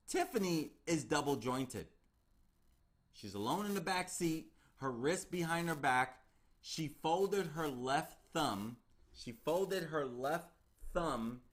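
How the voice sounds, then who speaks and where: A man hosting a true crime channel, telling the story in a casual, conversational way and repeating key phrases for emphasis. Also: fairly high pitch.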